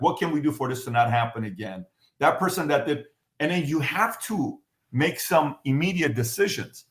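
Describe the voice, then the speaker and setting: A man's voice: mid-range voice, roomy sound. A man hosting a podcast, talking emphatically and firing off repeated rhetorical questions. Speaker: podcast host. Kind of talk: animated podcast commentary.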